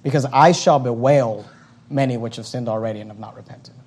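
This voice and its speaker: A middle-aged man, a pastor, giving a fervent and emphatic sermon that swings from loud exhortation to soft prayer. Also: medium pitch, brisk, slightly rough.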